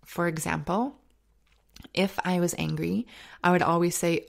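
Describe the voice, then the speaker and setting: Woman podcast host, low voice with some fry, earnest and story-driven. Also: measured pace. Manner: earnest storytelling, dropping to soft near-whispers for emphasis. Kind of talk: faith-based self-help podcast talk.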